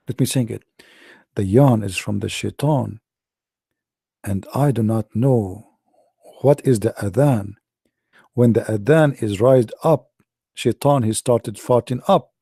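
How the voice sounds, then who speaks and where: Gravelly man with a mocking tone. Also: fairly high pitch, warm tone, dry recording, clean studio sound. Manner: mocking, theatrical, with mock sneezes and sung lines. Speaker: online religious commentator. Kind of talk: sarcastic monologue.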